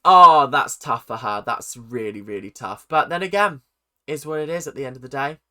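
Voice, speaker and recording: A man's voice: mid-range voice, expressive, normal speed, bright, forceful tone. A man giving chatty, sarcastic reaction commentary as host of his channel.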